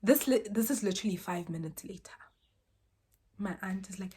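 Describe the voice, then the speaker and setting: A young woman tells a story from her own life in a relaxed, chatty way. Her breathy voice sits at a middle pitch. She drops to soft near-whispers, then rises sharply when she acts out what people said. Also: moderate pace, long pauses. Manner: animated, swings between soft near-whispers and loud exclaimed quotes. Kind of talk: casual storytime.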